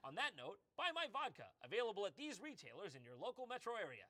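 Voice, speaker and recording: Bright, sarcastic commentary guy. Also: high voice, big pitch swings, racing, no echo. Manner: sarcastic, exasperated, mock-outraged. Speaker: commentary host. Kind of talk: comedic commentary.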